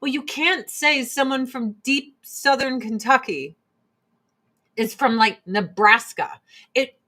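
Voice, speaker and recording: A woman in her forties hosts a relaxed livestream from home. She talks slowly and unhurriedly, easily drifting between blunt, profane opinions and product pitches. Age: 40s. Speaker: livestream host and Avon seller. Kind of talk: casual livestream chat.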